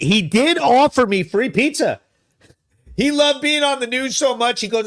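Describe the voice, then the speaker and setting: A man hosting his own live show alone in a studio, excitable and laughing, swearing freely. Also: very high voice, normal speed. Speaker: host. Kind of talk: solo live show commentary.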